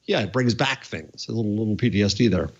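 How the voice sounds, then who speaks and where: A man's voice: lowish voice, animated, breathy edge. Older man on a dull remote line. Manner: halting, reflective, with many fillers. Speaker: panelist. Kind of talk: casual panel chat.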